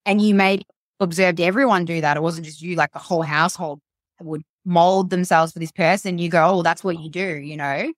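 A woman coach talks through ideas in an earnest, explanatory podcast conversation. Her voice sits slightly low, and the sound is dry and close. She leans on "like" and "you know" as she works her way through each point. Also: fairly even intonation, brisk, dry recording. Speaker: mental health and performance coach, guest.

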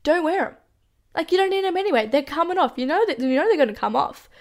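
A woman's voice: high voice, expressive, quick pace, a little mellow. A young woman casually telling a personal story, chatty, swearing freely and saying "like" often.

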